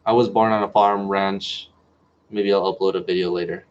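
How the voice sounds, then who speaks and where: A darkish, low voice with a steady tone and normal speed belongs to a New Mexico medical student in his twenties. Chatty and casual, he hosts a livestream Q&A, reading comments from viewers aloud and answering them, all in dull lo-fi audio.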